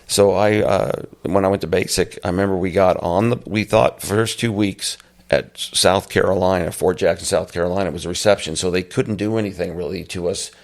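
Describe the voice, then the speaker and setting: Deep gravelly older man telling stories. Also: fairly quick. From Phoenix, United States. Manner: animated storyteller, acts out shouted drill sergeant quotes. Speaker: guest, army veteran. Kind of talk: storytelling interview.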